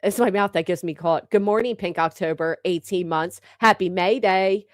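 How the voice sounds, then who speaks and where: A woman's voice: fairly low pitch, normal speed, no room sound. Brash woman teasing her chat, dry sound. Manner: brash, chatty, swears freely, teasing viewers. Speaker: livestream host. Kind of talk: casual live-chat banter.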